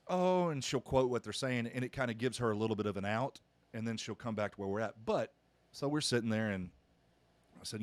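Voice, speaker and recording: A man's voice: fairly low pitch, dry recording. Middle-aged pastor guy hosting a podcast, earnest, keeps restarting, dry close sound. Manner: earnest storytelling with many restarts. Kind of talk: casual podcast conversation.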